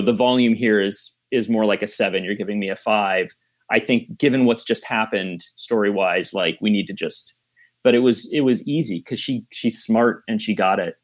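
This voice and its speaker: A film director talking about his work in an interview, thoughtful and measured, often restarting phrases. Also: on the low side. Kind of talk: casual interview chat.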